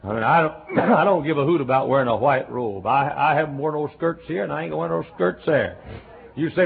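A man preaching a folksy revival sermon that swings between quiet, chatty asides and loud shouting. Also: on the high side, fairly quick, creaky. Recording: tinny lo-fi sermon tape.

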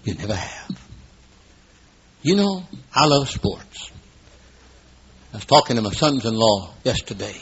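Very husky fifty-something preacher, dramatic. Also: male voice, medium pitch. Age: 50s. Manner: dramatic, swings between hushed asides and loud exclamations. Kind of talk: sermon. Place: room at an evening gathering. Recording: dull lo-fi recording.

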